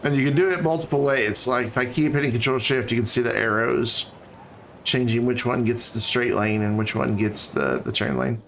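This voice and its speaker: A man's voice: medium pitch, expressive, moderate pace, creaky, a bit bright, a little hiss or hum. A man streaming a city-building game, chatting casually and thinking aloud as he builds. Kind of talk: casual let's-play commentary.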